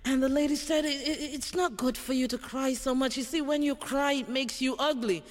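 A man's voice: very high-pitched, normal speed, big-room sound, a little hiss or hum. A man telling humorous stories at an evening event, acting out the characters' lines. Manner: animated storyteller who acts out voices. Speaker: speaker at an event.

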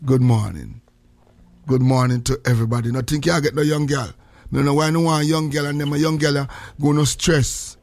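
A man's voice: medium pitch, fairly even intonation, brisk, a little mellow, no room sound. A man with a Jamaican accent hosting a casual morning radio show, joking in heavy patois and greeting listeners. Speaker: radio host.

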